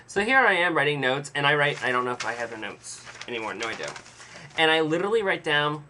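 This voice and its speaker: Guy rambling thru a story on his vlog, jokes at himself, bright tone. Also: on the high side, lively intonation, fairly quick, slight background noise. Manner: rambling, self-deprecating asides. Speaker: vlogger. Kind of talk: casual storytelling.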